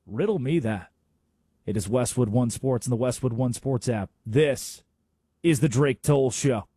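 A man's voice: medium pitch, measured pace, dark tone, breathy edge, dry recording, studio quality. A man hosting a sports talk radio show, arguing his points emphatically with rhetorical questions. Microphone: studio microphone.

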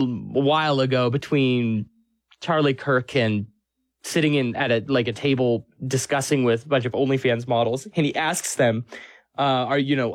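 A man asking an interviewer's questions in a measured, thoughtful way. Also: mid-range voice, dry recording, studio quality.

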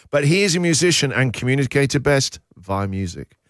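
A male radio host in casual chat, reading listener texts aloud in an animated, self-mocking way. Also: mid-range voice, moderate pace, no room sound, studio quality. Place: radio studio. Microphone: studio microphone.

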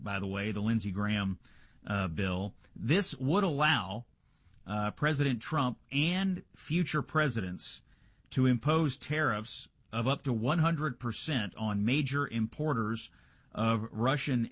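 Husky-voiced male radio host, dry studio. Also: mid-range voice, unhurried, a bit bright, no room sound. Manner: conversational, checking the Senate floor live with filler uhs. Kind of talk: political news rundown.

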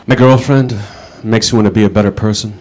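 A man doing stand-up comedy, delivering dry, quick one-liners. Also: fairly low pitch, fairly even intonation, darkish tone.

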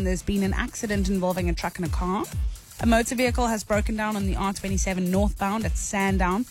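A South African woman reading radio traffic updates in a brisk, clear way. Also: medium pitch. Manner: brisk, clear news-read delivery. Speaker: traffic reporter and co-host. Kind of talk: radio traffic report and chat. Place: radio studio.

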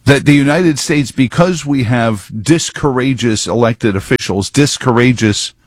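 Slow talking guy ranting about politics, sarcastic and rambly, dry close sound. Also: mid-range voice, no echo. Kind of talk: political talk commentary.

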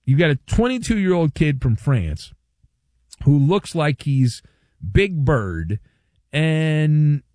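A male sports talk radio host delivers a wry, playful monologue with hammy emphasis. His voice sits a bit high and swings widely in pitch. The studio sound is dry and close. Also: a little mellow, no room sound.

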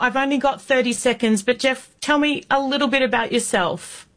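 A woman's voice: high voice, normal speed, few pauses. A woman hosting a talk radio show, effusive and openly emotional as she thanks callers on a studio microphone.

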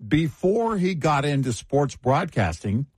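Lively husky male radio co-host. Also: a little high, measured pace, no room sound. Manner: lively, frequent short agreements. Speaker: radio talk show co-host. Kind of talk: casual radio banter.

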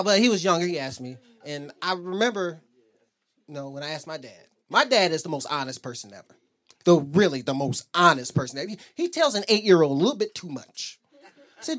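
Lively high-voiced guy doing stand-up, cussing, pitch jumps all over. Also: quick pace. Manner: animated, profane, jumps into high squeaky quotes. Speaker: stand-up comedian. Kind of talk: stand-up storytelling.

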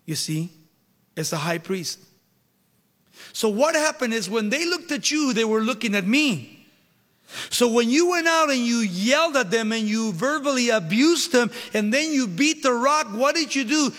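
A man's voice: extremely high pitch, a bit bright, in a large hall, full character voice. A male preacher voicing God in a sermon retelling, firm and reasoning as he corrects a servant. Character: stern but patient male God, correcting.

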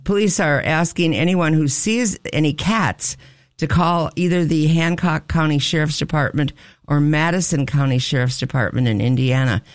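Male radio co-host, slightly high, gravelly, wry. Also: moderate pace, dry recording. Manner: wry, joking asides. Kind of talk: casual morning show banter and news reading. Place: radio studio. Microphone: close studio mic.

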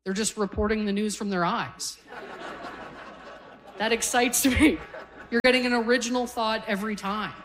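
A woman in her forties from Canada, performing stand-up comedy on a live stage. She talks in an easy, conversational way and lands punchy one-liners, at a middle pitch for a woman. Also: steady tone, moderate pace, pauses often. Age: 40s.

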